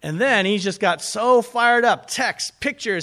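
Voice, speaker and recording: A man preaching a sermon as pastor, animated and calling out to his congregation. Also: high voice, moderate pace, few pauses.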